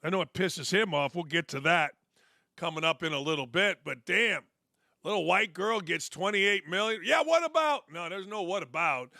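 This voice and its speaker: A man's voice: fairly high pitch, normal speed, vocal fry, pushed and bright, no echo, studio quality. A middle-aged man hosting a sports talk show, delivering a blunt, sarcastic, fired-up opinion monologue.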